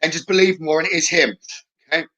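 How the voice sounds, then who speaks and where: A man's voice: on the high side, steady tone, fast talker, pushed and bright, low-quality recording. A man working as a psychic medium, giving a live reading in a reassuring tone and often checking in with "okay?".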